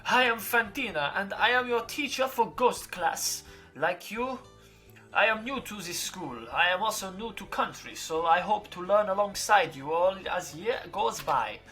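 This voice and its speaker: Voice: medium pitch, animated, a bit bright, faint music behind. A gamer voicing a flamboyant French woman teacher with a put-on French accent and theatrical delivery. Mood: welcoming. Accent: fake French. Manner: theatrical, dramatic pauses.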